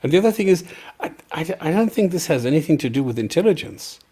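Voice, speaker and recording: A man's voice: fairly high pitch, sing-song, fast, warm tone, husky. A man co-hosting a live discussion, thinking aloud in a reflective, hesitant way. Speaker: co-host. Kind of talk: casual live-stream discussion.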